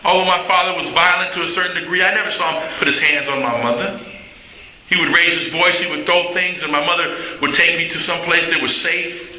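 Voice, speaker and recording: A man's voice: on the high side, fairly even intonation, a little fast, pushed and bright, slight background noise. A middle-aged man telling his recovery story to a meeting in a plainspoken, candid way, with some humor. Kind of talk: personal recovery talk. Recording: echoey hall.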